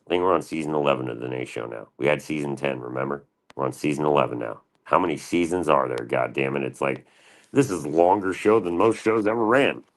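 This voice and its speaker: A man's voice: a bass voice, fast. A man in his thirties chatting casually on a livestream, rambling and swearing freely as he talks. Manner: crude, profane and rambling.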